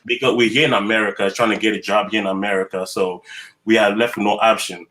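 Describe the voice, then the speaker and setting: Relaxed, firm man with a bright voice. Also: on the low side, quick pace, poor audio. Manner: relaxed, firm and matter-of-fact. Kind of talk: casual group discussion.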